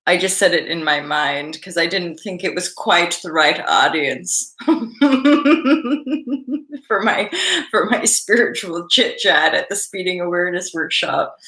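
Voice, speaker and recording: A woman's voice: lowish voice, a little slow, pushed and bright. A woman in her thirties hosting a vlog, chatting to camera in a rambling, laughing way with some swearing. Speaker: vlog host. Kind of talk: casual chat to camera. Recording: echoey room.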